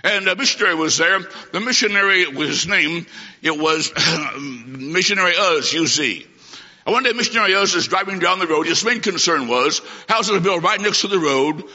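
High, bright-voiced preacher in a hall. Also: male voice, lively intonation, normal speed. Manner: emphatic, swings from loud to hushed. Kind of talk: fiery sermon. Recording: dull lo-fi sound in a reverberant hall.

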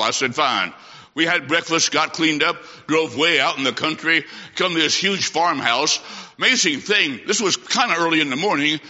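A man's voice: fairly high pitch, moderate pace, bright, forceful tone. A man from Illinois, a traveling preacher, delivering a sermon in a church with folksy, emphatic storytelling. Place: church sanctuary. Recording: dull lo-fi sound with long church reverb.

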